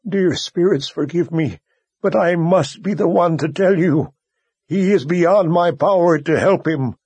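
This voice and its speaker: Audiobook role: male narrator doing a distraught, choked-up man, pitched high and loud. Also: unhurried, breathy edge, no echo. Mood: anguished. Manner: choked with emotion, pleading. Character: grief-choked loyal man, fighter. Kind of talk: audiobook character voice.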